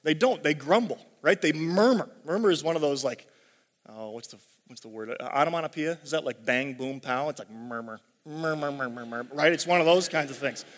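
A man's voice: on the high side, brisk. A young adult male pastor giving a conversational sermon, full of fillers and frequent "right?" check-ins. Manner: conversational, filler-heavy, keeps asking "right?". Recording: long hall reverb.

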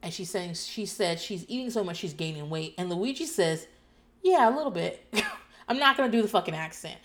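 A woman's voice: fairly low pitch, lively intonation, brisk, fairly bright tone. A woman recapping reality TV in casual chat, sardonic and profane, laughing often. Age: adult parent. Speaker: podcast host.

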